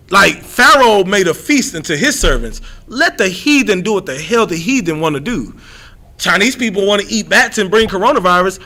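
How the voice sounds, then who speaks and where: Teaching a street-style scripture lesson, a man speaks in a loose, blunt, slangy way. His voice sits high, bright and sharp, and he stretches out repeated lines for emphasis while repeatedly restarting his thoughts.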